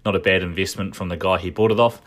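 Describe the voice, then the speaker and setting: A man's voice: sits low, steady tone, fast. A man giving casual spoken commentary, thinking aloud with frequent restarts and asides. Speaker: commentator recapping a shareholder meeting.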